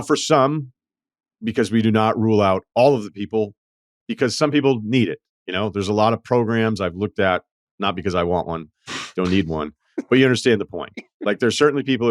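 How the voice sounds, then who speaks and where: A man's voice: on the low side, fairly quick, no echo, studio quality. A man hosting a podcast, telling stories in a wry, profane, casual way. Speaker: podcast host. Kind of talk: casual chat.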